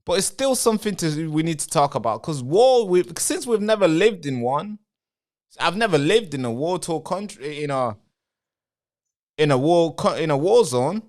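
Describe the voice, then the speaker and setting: A man's voice: a little high, sing-song, moderate pace, a little mellow. Man hosting a rambling live stream. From Britain. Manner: talks straight to viewers and answers chat comments, rambling.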